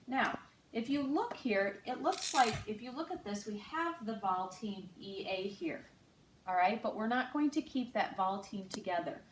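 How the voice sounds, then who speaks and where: A woman teaching a recorded phonics lesson to third graders, speaking slowly and clearly and drawing out each sound. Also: medium pitch, expressive, background noise. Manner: slow, clear, patient teacher talk with drawn-out sounds. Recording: echoey room, distant mic.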